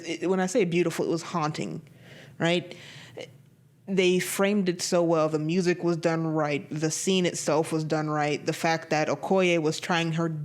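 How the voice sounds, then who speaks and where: A woman vlogger giving a casual, animated movie review, emphatic and swinging between excited high bursts and low, flat drops.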